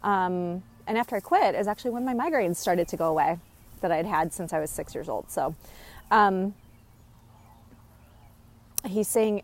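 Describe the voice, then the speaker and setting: A woman's voice: medium pitch, lively intonation, normal speed, long pauses. A woman talking casually as she relays a spirit's messages, hesitant with many fillers and restarts, laughing now and then. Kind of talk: casual channeling monologue.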